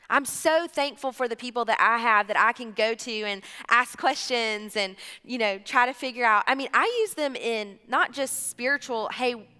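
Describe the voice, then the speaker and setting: A woman, preaching a sermon in a chatty, animated way and acting out little bits of dialogue. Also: on the high side. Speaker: church speaker. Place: large church hall. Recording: live church hall, reverberant, music behind.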